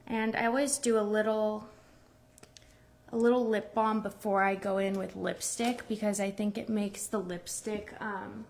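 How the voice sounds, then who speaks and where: A woman's voice: mid-range voice, gravelly, darkish tone. A woman hosting a casual makeup tutorial, chatting through each step in a rambling way and restarting her phrases. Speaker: beauty brand host demonstrating makeup.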